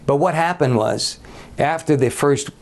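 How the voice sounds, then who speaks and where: A chatty man, guesting on a talk show and telling stories in a slightly higher voice than most men. He laughs a lot and trips over his own words as he goes. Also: measured pace, vocal fry. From Brooklyn, New York. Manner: chatty, laughs often, restarts and stumbles. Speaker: guest entertainer. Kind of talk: casual talk show chat, telling a joke.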